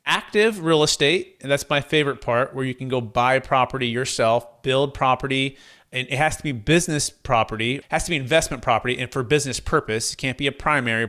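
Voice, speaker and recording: A man telling a client story in an interview, lively, acting out the voices of the people he quotes. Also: mid-range voice. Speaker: guest, tax deferral advisor.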